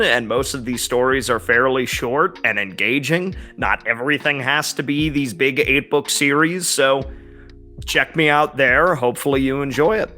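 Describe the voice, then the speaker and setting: A man's voice: medium pitch, moderate pace, bright, forceful tone, faint music behind. A man appearing as a guest on a podcast, chatting casually and plugging his own channel with earnest enthusiasm. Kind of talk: casual chat.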